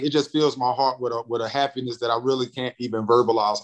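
A young man from North Carolina telling a story as a podcast guest, acting out the voices in it and often repeating words. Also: mid-range voice. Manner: animated, acts out quoted voices, repeats words. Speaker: guest, radio and TV personality. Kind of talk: excited storytelling in a podcast chat.

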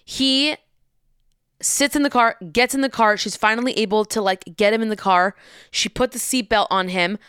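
A young woman telling a story in a lively, casual way, acting out the people in it and swearing freely. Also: a little high, moderate pace, smooth, no echo, studio quality. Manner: animated, acts out voices, swears freely.

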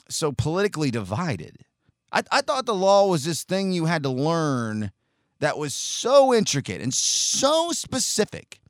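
A man's voice: fairly high pitch, no echo, studio quality. A man hosting a podcast, giving a rambling, self-deprecating and profane opinion monologue in a casual way. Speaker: podcast host.

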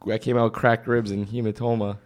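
A man's voice: fairly low pitch, flat delivery, fairly quick, a little mellow. A young man guesting on a podcast, telling stories in a laid-back, laughing way. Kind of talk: casual chat.

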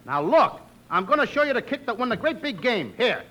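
A man playing a bumbling, excitable wisecracking comic in a 1940s radio comedy, on a hissy old recording. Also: very high-pitched, fairly quick, heavily acted.

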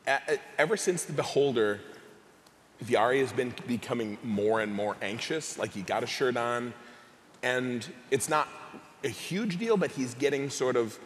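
A man's voice: mid-range voice, normal speed. Brief: male player, chatty, full of "like", reverberant room with faint hum. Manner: rambling, hedging with "like". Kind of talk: casual chat at a game table.

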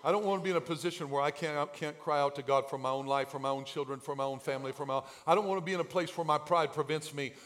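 A man pastor preaching a sermon in a church, swinging from quiet asides to shouted lines. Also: fairly high pitch, fast talker, few pauses.

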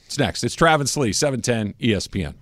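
Male sports radio host, middle-pitched, dry studio mic, emphatic, conversational. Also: animated, fairly quick, a bit bright, no echo. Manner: emphatic, repeats words to drive points home. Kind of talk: casual sports talk radio. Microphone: studio microphone.

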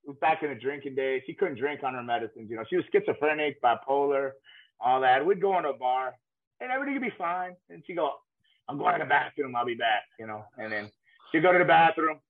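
A man's voice: on the high side, expressive, fast. A man telling rambling, laughing stories as a guest on a talk show. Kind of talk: casual storytelling. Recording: tinny phone-like line.

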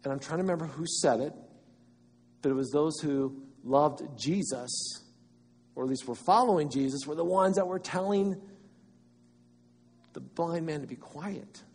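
A man preaching a sermon, swinging between loud emphatic cries and quiet, low asides. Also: normal speed, pauses often, husky, big-room sound.

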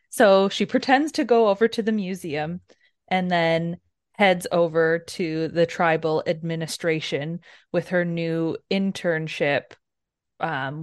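A woman with a lowish voice chats casually on a book club podcast, recapping the story with animated energy and plenty of swearing. The recording is dry and close, with almost no room sound. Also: dry recording. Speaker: podcast co-host.

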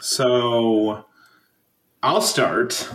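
A man's voice: mid-range voice, fairly even intonation, very slow, echoey room, noisy background. A man co-hosting a podcast in casual chat, joking and swearing freely. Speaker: podcast co-host.

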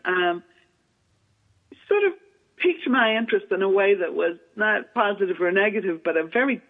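A woman, telling an animated story as an author and literary agent guest in an interview, with many fillers. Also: mid-range voice, normal speed. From Southern United States. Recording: tinny phone-line radio sound.

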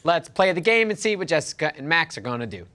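A man hosting an improv comedy show, loose and quick to laugh, reading an ad and game rules. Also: fairly high pitch, very animated, pushed and bright. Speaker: host.

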